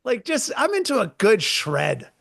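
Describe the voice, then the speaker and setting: A man co-hosting a comedy podcast, telling stories in an excitable, ranting way with stammering restarts. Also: high voice, a little slow, vocal fry, dry recording, studio quality. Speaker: podcast co-host. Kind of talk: comedic rant.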